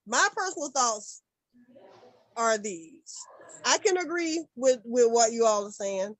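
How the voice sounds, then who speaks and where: A woman in her forties, an author guest on a panel, talking in an earnest, reflective way with halting restarts. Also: a little high, lively intonation, no echo, poor audio. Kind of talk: panel discussion.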